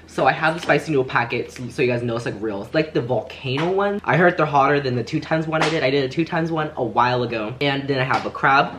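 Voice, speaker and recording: A young man chatting excitably as he sets up and eats a seafood mukbang. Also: mid-range voice, fast, hardly any pauses, background noise. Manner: excitable, chatty, loud exclamations at spicy food. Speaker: vlogger. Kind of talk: mukbang eating vlog. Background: background music.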